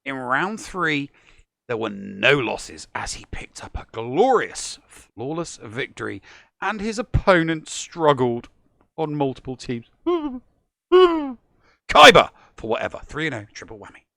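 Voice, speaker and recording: A man's voice: mid-range voice, very animated, unhurried, gravelly, a bit bright, no echo, clean studio sound. A man with an English accent co-hosting a casual game-stats show, reading player summaries playfully with a slightly sore throat. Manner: playful, joking, reads summaries. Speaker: co-host.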